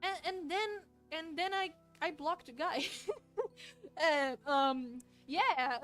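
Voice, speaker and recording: A woman's voice: high-pitched, slow, fairly bright tone. A young woman chatting casually while she draws, rambling, restarting her sentences and laughing often. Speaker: artist streaming while drawing. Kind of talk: casual chat while drawing. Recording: faint music playing behind.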